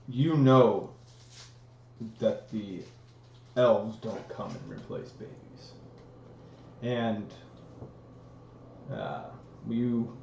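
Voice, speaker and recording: Brief: male player, low voice, very slow and hesitant, echoey dull stream audio. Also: gravelly, a little mellow, a little hiss or hum. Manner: slow, halting speech with many ums. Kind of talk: casual tabletop play. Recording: roomy, dull livestream audio.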